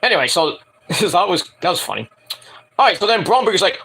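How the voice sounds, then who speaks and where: A man's voice: sits high, big pitch swings, brisk, creaky, pushed and bright, husky. A man in his forties reviewing a wrestling show in a casual solo vlog, rambling and joking with many digressions. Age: 40s.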